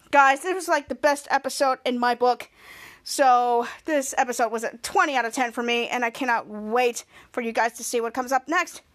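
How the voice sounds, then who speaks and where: Woman podcast host, high voice, gushy and excited, lots of likes and ums. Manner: gushing and excitable, with many fillers. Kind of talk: casual recap.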